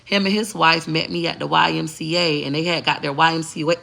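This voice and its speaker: A woman's voice: low voice, steady tone, fairly quick, creaky, fairly bright tone. A middle-aged woman vlogging in brash, emphatic casual talk, repeating her points.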